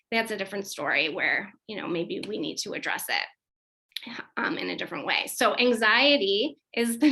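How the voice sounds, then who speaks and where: Bright-voiced woman giving a chatty parent workshop. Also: medium pitch, rough recording. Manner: chatty and conversational, with frequent fillers and self-corrections. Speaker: clinical psychologist leading a parent workshop. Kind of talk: informal workshop presentation.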